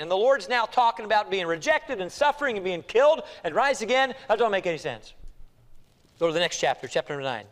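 A man preaching an expository sermon as pastor, animated and acting out the voices of people he quotes. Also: high-pitched, fast talker. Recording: long hall reverb.

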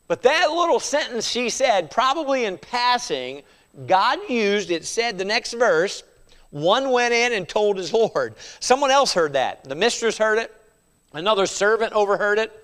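A man's voice: sits high, a bit bright, in a large hall. A man preaching a sermon in a conversational way, chuckling often and tossing in rhetorical asides.

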